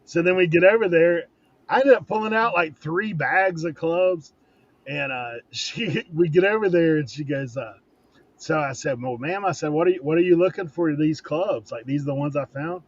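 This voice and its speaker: Husky man telling a story over a muffled call. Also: on the high side, moderate pace. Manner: laughs through his stories. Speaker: reseller on a panel. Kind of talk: casual chat, telling stories. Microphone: video call.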